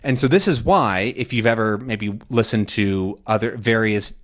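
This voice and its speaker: A young man teaching a casual lesson, talking in a relaxed, rambling way, often correcting himself and acting out sounds. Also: fairly low pitch, moderate pace. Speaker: language teacher.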